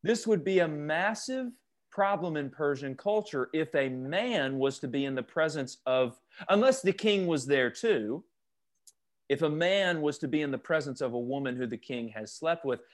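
A man leading a youth Bible study over a video call, questioning the group and joking as he teaches. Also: on the high side.

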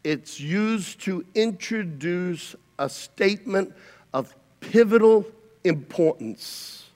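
A man preaching a sermon as pastor, swinging between shouted climaxes and hushed, quiet passages. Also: high-pitched, expressive, slow pace, in a large hall.

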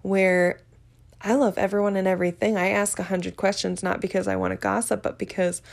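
A woman's voice: mid-range voice, little pitch movement, fairly quick, creaky. A young woman hosting her podcast, talking openly and emotionally about her relationship and mental health, laughing now and then. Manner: open, emotional, laughs often, vivid. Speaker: podcast host. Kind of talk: candid personal talk.

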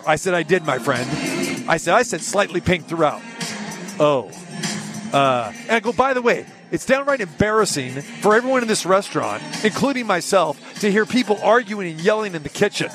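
A man hosting a live radio show from an arena, telling a story in a casual, animated way and acting out the people in it. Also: high voice, fairly quick. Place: arena during a live broadcast. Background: music and an arena crowd.

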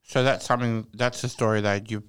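Smooth-voiced man chatting on a podcast. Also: on the low side, steady tone, fairly quick, a bit bright. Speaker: podcast co-host. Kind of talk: casual chat.

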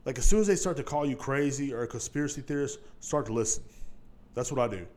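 A man hosting a solo podcast, ranting casually and profanely, swinging between low mutters and loud outbursts. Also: animated, fast. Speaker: podcast host.

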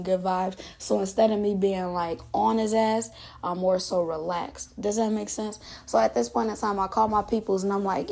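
A woman's voice: medium pitch, creaky, a little mellow. A woman in her twenties hosting a podcast, telling a story in a loose, profane, casual monologue. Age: 20s. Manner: loose, profane, laughs often. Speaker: podcast host.

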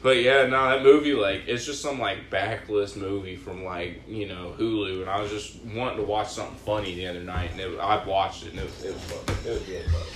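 A man's voice: on the low side, fairly even intonation, a little fast, few pauses. A man telling a rambling, profane story in casual chat among friends. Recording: echoey room with faint noise.

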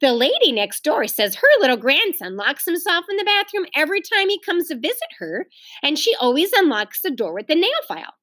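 A woman's voice: high-pitched, sing-song, brisk, a bit bright, pitched above the performer's own voice. A woman reading a practical busy mother. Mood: cheerful. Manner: practical, mildly exasperated.

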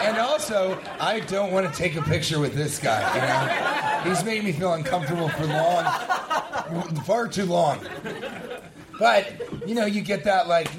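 A man's voice: fairly high pitch, heavy background noise. A man in his thirties, a comedian co-hosting a live podcast, telling stories and acting out the people in them while laughing. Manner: animated anecdote telling, acting out others, laughing often. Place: live venue stage. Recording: live show with loud crowd laughter.

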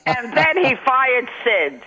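A woman's voice: sits high, big pitch swings, slow pace, over a noisy crowd. Effusive older woman caller on the phone. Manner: gushing and effusive. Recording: dull phone line.

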